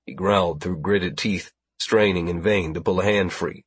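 A man narrating a science-fiction audiobook in a steady, even storytelling manner. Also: deep voice, normal speed, breathy edge, no room sound. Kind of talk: scripted narration.

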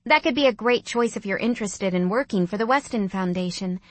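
A woman doing a bossy young woman in a storybook reading, talking briskly and directly at a middle pitch. The sound is dry and close. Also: dry recording, lightly acted. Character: bossy, teasing young woman, sister figure.

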